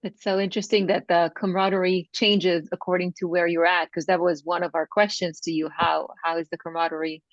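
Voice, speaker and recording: Flat-toned woman podcast host, lo-fi. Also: fairly low pitch, brisk, hardly any pauses, no echo. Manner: affirming, reflective interjections. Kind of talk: casual chat. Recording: dull dry lo-fi sound.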